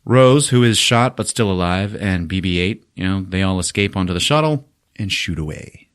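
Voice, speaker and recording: A man hosting a podcast, retelling a film in a casual, profane and animated way. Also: low-pitched, moderate pace, clear, resonant tone. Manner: animated, swears often, acts out quotes in silly voices. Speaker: podcast host recapping a film. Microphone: podcast mic.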